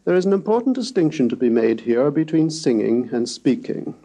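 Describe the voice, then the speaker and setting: A man giving a recorded scholarly lecture, speaking in a measured, precise way and demonstrating pitch glides aloud. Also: big pitch swings, dark tone.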